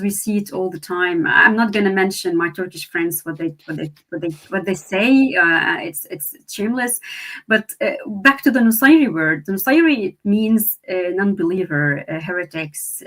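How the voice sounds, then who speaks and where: A woman's voice: medium pitch, a bit bright. A woman from Syria, a researcher and therapist, speaking as an interview guest with many restarts and fillers. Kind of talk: interview conversation.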